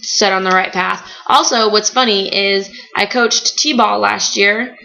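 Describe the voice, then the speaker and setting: A young woman chatting casually in a video blog, telling animated stories full of "like". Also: mid-range voice, a little slow, creaky, muffled recording. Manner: chatty, animated storytelling with frequent "like". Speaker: vlogger. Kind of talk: casual chat.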